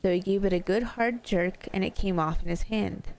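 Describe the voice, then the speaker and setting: A woman's voice: medium pitch, normal speed, a little mellow, a little hiss or hum. A woman streamer casually reading spooky stories aloud to her chat, playful and laughing easily between stories. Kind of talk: casual storytelling to a live chat.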